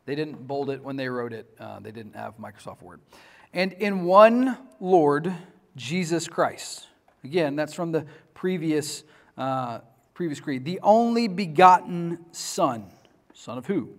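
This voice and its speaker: A man's voice: on the high side, animated, unhurried. A man lecturing a class on church history in a conversational way, often asking the students questions.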